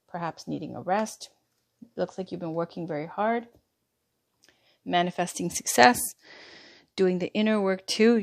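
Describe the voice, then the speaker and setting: A woman giving a chatty tarot reading, going hoarse as she loses her voice. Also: fairly low pitch. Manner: chatty, reassuring, drifts between reading aloud and asides. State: losing her voice. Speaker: tarot reader.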